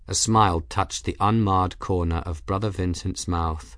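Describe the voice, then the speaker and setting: A man with a low voice reads a fantasy novel aloud at a steady, measured pace. The recording is close and dry with no room sound. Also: dry recording. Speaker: audiobook narrator. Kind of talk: scripted narration.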